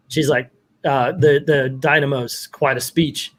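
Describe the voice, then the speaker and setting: A man's voice: mid-range voice, unhurried. A man hosting a comic book video in casual chat, retelling a story and reading the dialogue aloud with rising emphasis. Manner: animated, reads quotes with rising emphasis.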